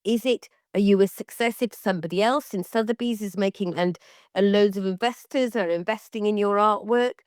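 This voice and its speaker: A woman's voice: medium pitch, fairly quick, no room sound, studio quality. A woman co-hosting an art podcast in casual chat, talking animatedly and mimicking other people's voices. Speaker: podcast co-host.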